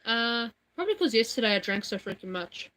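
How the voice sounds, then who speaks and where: Woman streamer, casual chat, bright forceful voice, rambly. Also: fairly high pitch, very animated, brisk, poor audio. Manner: chatty, rambling, lots of fillers. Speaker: livestream host.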